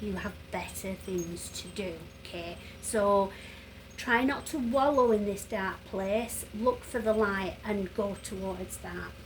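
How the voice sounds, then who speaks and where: A woman gives a tarot reading in an earnest, gentle voice that sits at an ordinary middle pitch. She pauses often, fills gaps with soft hesitations and sounds close to tears. A steady hiss of background noise runs under the recording. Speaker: tarot reader. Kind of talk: reassuring tarot reading to viewers.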